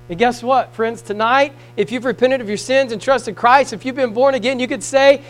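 A man with a high voice preaches a sermon. He reads scripture in old biblical wording and moves between emphatic swells and quiet passages. A faint mains hum sits under the recording. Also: fast talker, low-quality recording. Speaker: pastor.

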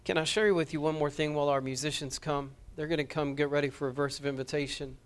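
High-voiced, impassioned male preacher. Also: steady tone, fast, clean tone. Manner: earnest, impassioned preaching with direct appeals. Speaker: pastor. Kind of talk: sermon.

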